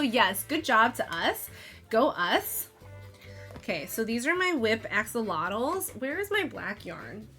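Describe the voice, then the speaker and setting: A woman from Missouri chats her way through a live crochet stream, rambling and peppering her talk with "like" in a Valley Girl inflection. Her voice is bright and sharp and sits a little high. Soft music plays faintly behind her. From Missouri, USA. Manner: chatty and rambling, full of "like". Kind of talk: casual live-stream chat. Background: faint background music.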